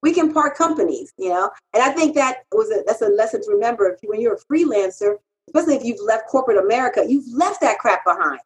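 Animated, emphatic woman copywriter. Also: fast talker, low-quality recording. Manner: animated, emphatic, pitch jumps when quoting herself. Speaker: freelance copywriter, guest. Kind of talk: candid interview storytelling.

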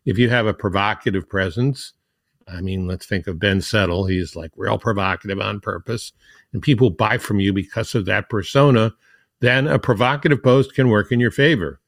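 Low-voiced man hosting a podcast. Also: normal speed, no room sound, clean studio sound. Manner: explains points in a numbered list, reads quotes aloud. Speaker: podcast host. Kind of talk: conversational podcast talk on marketing.

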